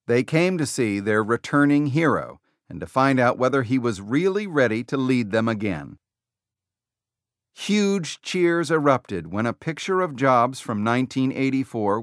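A man narrates a nonfiction audiobook in a measured, even way. His voice sits at a middling pitch and is recorded close and dry, with no room sound around it. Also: no echo. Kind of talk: scripted narration.

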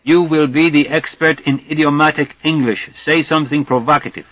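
A man's voice: a little high, fairly even intonation, fairly quick, no echo, pitched above the performer's own voice, lightly acted. A man playing a sly old professor. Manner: sly, gleeful, formal. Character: elderly mischievous German professor, chuckling. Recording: dull dry studio sound.

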